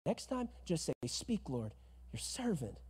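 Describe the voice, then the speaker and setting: A man voicing an old male priest who calmly tells a boy what to say. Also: fairly high pitch, unhurried, breathy edge, big-room sound, exaggerated voice. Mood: hushed. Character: old male priest giving calm instruction.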